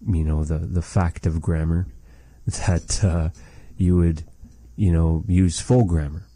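A man teaching phrases of a language, explaining thoughtfully and pausing to search for words. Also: sits low, fairly even intonation, dark tone, dry recording.

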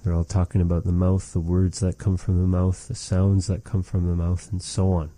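A man teaching a language lesson, measured and repeating phrases to model how they are said. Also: low-pitched, monotone, warm tone, no room sound.

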